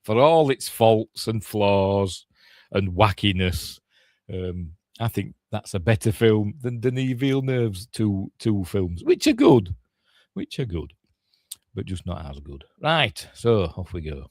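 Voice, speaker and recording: A man's voice: fairly low pitch, lively intonation, slow pace, a little mellow, no echo. An older man with a Yorkshire accent, chatting casually as a podcast host reacting to a film trailer, grumbling and mocking himself.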